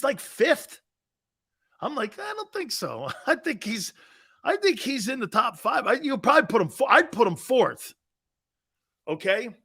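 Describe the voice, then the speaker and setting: A middle-aged man hosting a sports talk show, brash and sarcastic, swearing and breaking into shouted outbursts. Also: high voice, breathy edge. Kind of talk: opinionated sports radio talk.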